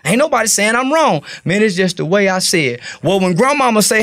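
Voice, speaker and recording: A man's voice: sits high, big pitch swings, brisk, hardly any pauses, a bit bright, no echo. A man from Fort Worth, giving an interview in blunt, profane, preachy street talk. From Fort Worth, Texas. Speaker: interview guest.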